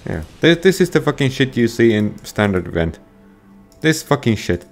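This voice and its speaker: A man playing a card game online, grumbling and swearing at it, at times yelling in frustration. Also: medium pitch, very animated, moderate pace, creaky, soft background music. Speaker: gamer streaming a card game. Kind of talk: angry gameplay commentary.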